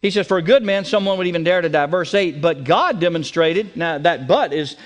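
A man's voice: fairly high pitch, a little fast. A man preaching a sermon as pastor, emphatic and repeating key words for stress, often restarting with stacked "and, and".

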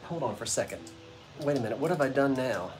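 On an old bungalow's front porch at sunset, a man hosts a vintage-goods live stream, chatting playfully and joking with viewers in casual live-stream talk. His mid-range voice has a darkish tone and lively intonation, and he talks fast. Soft music plays in the background.

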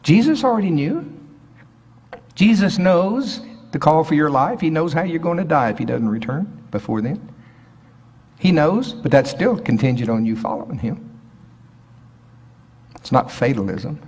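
A man's voice: fairly high pitch, lively intonation, moderate pace, long pauses, a little mellow, breathy edge. A man preaching a sermon. He reads scripture aloud and builds to emphatic, rising bursts. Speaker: pastor. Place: prayer center sanctuary. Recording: long hall reverb.

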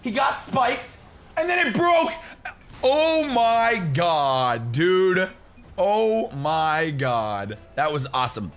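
Excitable young man commenting on gameplay. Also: high voice, drawn-out words, faint music behind. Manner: excitable, shouts and laughs during play. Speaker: gaming YouTuber.

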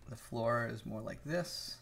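Middle-aged guy with a gravelly voice, rambling live-stream chat, greeting viewers while he draws. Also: mid-range voice, measured pace, a bit bright, a little hiss or hum. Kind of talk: casual livestream chat while drawing.

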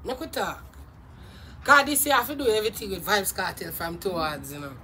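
A Jamaican woman ranting loudly in a vlog, shouting and cursing heavily as a YouTuber. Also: mid-range voice, fairly quick, breathy edge. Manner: loud, shouting, heavy cursing.

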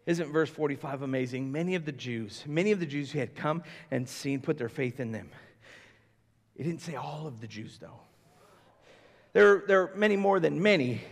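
A man's voice: on the high side, normal speed, big-room sound. A man preaching a sermon as pastor, conversational and emphatic, often acting out how people would react. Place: church sanctuary.

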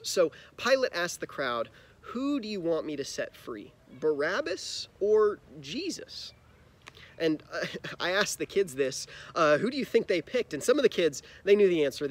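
A man teaching a children's church lesson, retelling a Bible story simply and asking the kids questions. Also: fairly high pitch. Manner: friendly, explains simply and asks kids questions.

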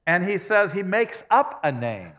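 A pastor preaching a sermon in a church, telling stories in a conversational, self-deprecating way. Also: male voice, sits high, big pitch swings, a little slow, a bit bright, a little hiss or hum. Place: church sanctuary. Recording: long reverb of a large church hall.

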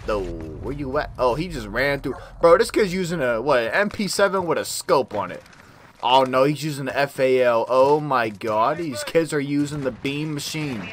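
Man gaming youtuber, lively swinging pitch, slang-heavy trash talk, loud gunfire behind. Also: slight background noise. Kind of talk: casual gameplay commentary. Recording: game gunfire loud in background.

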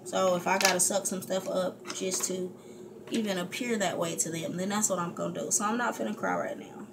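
A woman's voice: fairly low pitch, brisk, vocal fry. Fed up woman vlogger just venting to her viewers at home, heated, lots of restarts, hissy recording. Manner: frustrated, heated, talks in fits and restarts. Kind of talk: candid chit-chat venting to viewers. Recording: steady background hiss.

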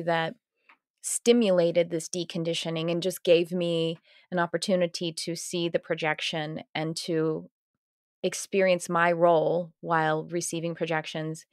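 A woman hosting a podcast, telling stories in a lively, laughing way with lots of restarts. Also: on the low side, dry recording, clean studio sound. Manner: animated storytelling, laughing often, self-interrupting restarts. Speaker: podcast host. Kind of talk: casual conversational interview.

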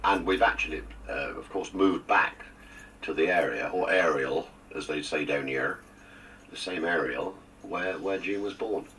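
A man's voice: low voice, measured pace, bright, forceful tone, far from the mic, slight background noise, low-quality recording. An older man, a guest on a radio interview, reminiscing with jokes and theatrical asides. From England. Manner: jokey, theatrical storyteller with asides.

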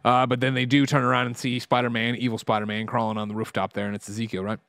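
Fast-talking man, sweary plot recap. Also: mid-range voice, little pitch movement, vocal fry, a bit bright, dry recording, studio quality. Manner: fast rambling recap with sweary asides and mimicked lines. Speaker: podcast co-host recapping a film. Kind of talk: casual chat, plot recap.

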